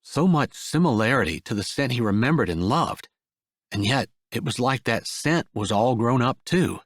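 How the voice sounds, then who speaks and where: Reading from a sweet romance audiobook script, a male narrator tells the story gently and expressively. He has a mid-range voice and a moderate pace, with clean studio sound and no echo.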